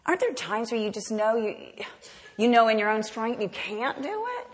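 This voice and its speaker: A woman's voice: a little high, lively intonation, normal speed, big-room sound. A woman preaching a sermon, earnest and direct, often asking the congregation rhetorical questions.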